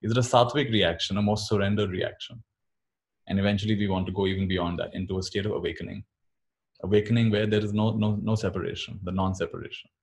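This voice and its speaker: A man giving a calm spiritual teaching talk, often repeating phrases softly. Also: lowish voice, quick pace.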